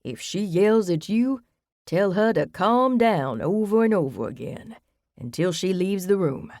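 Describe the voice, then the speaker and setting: A man , voiced by a woman, laying on a thick, exaggerated Southern US drawl with mock bravado, louder and higher than his usual voice. It is a comic audiobook character voice, recorded close and dry. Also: expressive, unhurried, no room sound. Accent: Southern US drawl, put on.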